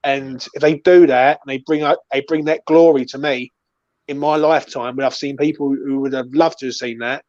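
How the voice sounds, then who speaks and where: Passionate, swearing London football fan. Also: male voice, mid-range voice, steady tone, moderate pace, darkish tone, dry recording, lo-fi sound. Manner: passionate, swears freely, says "yeah" and "right" constantly. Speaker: fan channel host. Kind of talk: casual post-match chat.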